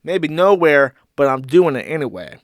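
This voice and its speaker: A man mocking a shrill, furious drunk ranter. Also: measured pace, sharp tone, clean tone, dry recording, studio quality, exaggerated voice. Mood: furious ranting. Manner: shrill, indignant ranting. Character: outraged drunk man ranting at an airline.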